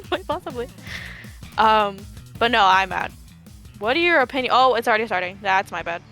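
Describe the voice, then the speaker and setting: A woman's voice: fairly high pitch, very animated, moderate pace, sharp tone, soft background music. A young woman commentating a live esports tournament, joking in playful mock outrage and wandering off on tangents.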